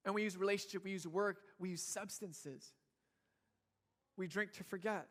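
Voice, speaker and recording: A man's voice: high-pitched, fairly even intonation, moderate pace, a bit bright. A young man preaching a sermon in a church, casual and joking, acting out what people and babies say. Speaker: pastor.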